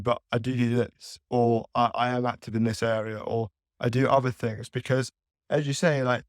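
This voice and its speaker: A man giving thoughtful, conversational answers as a podcast guest, pausing to find his words. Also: medium pitch, no room sound, studio quality. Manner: thoughtful, with frequent fillers and restarts.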